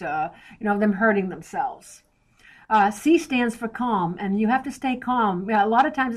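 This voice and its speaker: Direct, plain-spoken woman guest on a podcast, mid-range voice, explains step by step. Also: medium pitch. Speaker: interview guest, author. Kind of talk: podcast interview.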